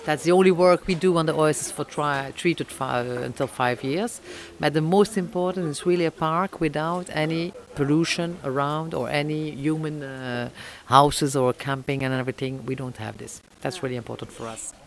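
A middle-aged woman with a French accent, speaking English as a second language, answering interview questions about running an oyster farm, pausing often with fillers and restarts. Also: deep voice, fairly even intonation. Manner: halting, many fillers and restarts.

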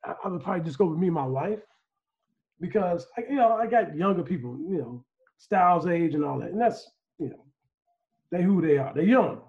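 Man, high lively voice, profane storyteller, podcast chat, dull recording. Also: fairly quick. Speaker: podcast co-host. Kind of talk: casual podcast banter.

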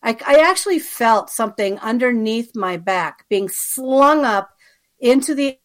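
A woman's voice: on the high side, expressive, measured pace. A woman being interviewed who tells a personal story in a chatty way, with frequent asides and fillers, and checks in with the listener as she goes. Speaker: interview guest.

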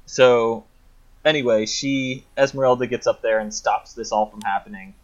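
A man's voice: medium pitch, fairly even intonation, normal speed, dull audio. A man co-hosting a casual chat, thoughtfully retelling a film plot at length.

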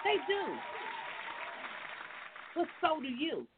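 A woman's voice: sits high, very animated, slow, crowd noise, background noise. A woman life coach telling a story to her viewers in a chatty, folksy way, sliding into emphatic, preachy advice. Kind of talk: casual storytelling and faith-based advice. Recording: tinny phone-like sound.

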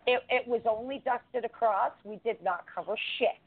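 A woman's voice: fairly high pitch, normal speed. A woman co-hosting a radio talk show, blunt and profane, rambling and laughing. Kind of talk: casual radio chat. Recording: tinny phone-line audio.

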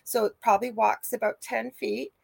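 A middle-aged woman co-hosting a live chat, telling a ghost story in an animated way. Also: on the high side, moderate pace, creaky, slightly rough, no room sound. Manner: animated storyteller, acts out quoted voices. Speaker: co-host, psychic medium.

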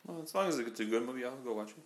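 Man, podcast co-host, casual chat, laid-back, average pitch, echoey room. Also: animated, very fast.

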